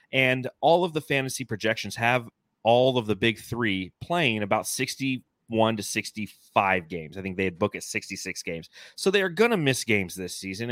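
A man's voice: on the low side, a bit bright, dry recording, studio quality. A man in his forties hosting a casual sports podcast, enthusiastic and rambling. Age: 40s. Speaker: podcast host.

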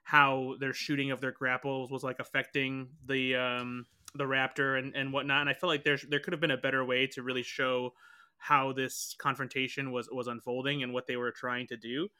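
A man's voice: mid-range voice, level tone, normal speed, pushed and bright, clean tone. A man on a podcast giving his opinion casually, joking and hedging with many fillers. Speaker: podcast guest critic.

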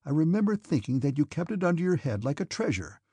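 A man's voice: a little high, very animated, fast, mellow, breathy edge, no room sound, pitched above the performer's own voice. A man voicing a proud, anxious young cadet who speaks in an earnest, strained way. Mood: puzzled.

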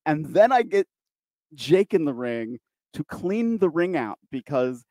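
A man's voice: a little high, very animated, unhurried, a little mellow, no room sound, studio quality. A man, a wrestling commentator, chatting casually and rambling through his stories while voicing others in quotes. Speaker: podcast host, wrestling commentator. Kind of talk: casual storytelling chat.

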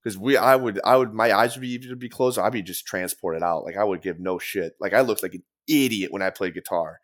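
A man's voice: lowish voice, brisk. A young man chatting as a musician guest, rambling and profane, with lots of fillers. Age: young adult. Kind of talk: casual podcast chat.

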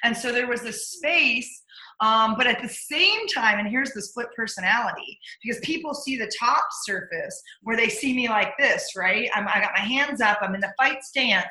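A woman's voice: fairly high pitch, animated, moderate pace, bright, forceful tone. A middle-aged woman, a leadership coach, telling stories from her career in a casual interview and acting out her own inner voice. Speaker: guest, leadership coach and speaker. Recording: echoey room.

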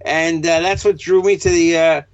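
A man's voice: a little high, steady tone, moderate pace, no echo. Chatty Long Island man on a podcast. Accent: Long Island New York. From Long Island, New York. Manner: chatty, rambling with restarts. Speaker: podcast guest. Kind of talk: casual podcast chat. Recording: dull lo-fi sound.

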